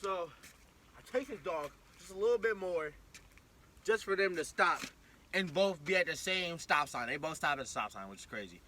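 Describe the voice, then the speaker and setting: A young man telling a storytime vlog in an excitable, slangy way, acting out the scene as he goes. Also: fairly high pitch, normal speed, a little hiss or hum. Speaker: vlogger. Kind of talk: animated storytime.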